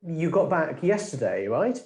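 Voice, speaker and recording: A woman acts out a friendly woman in a scripted course-book dialogue, her low, mellow voice swooping widely up and down. She speaks clearly and deliberately, and the recording has an echoey, roomy sound. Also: sing-song.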